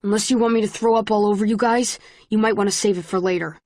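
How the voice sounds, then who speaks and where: A woman's voice: mid-range voice, fairly even intonation, fast, a little mellow, no room sound, clean studio sound, close to an everyday voice. A woman reading the lines of a blunt, impatient young man in an audiobook, with a curt and mocking delivery. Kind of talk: audiobook character voice.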